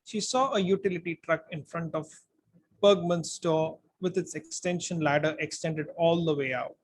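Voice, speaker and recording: A man reading a storybook aloud in an expressive way, now and then speaking to his listeners. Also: a little high, normal speed. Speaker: book reader. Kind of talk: audiobook-style story reading.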